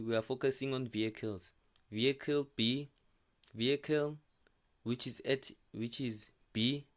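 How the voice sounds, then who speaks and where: A man teaching an accounting lesson as a screen-recorded voice-over, walking through a question paper step by step and repeating each figure slowly. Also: mid-range voice, a bit bright. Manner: repetitive, restating figures slowly. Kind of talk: step-by-step tutorial explanation.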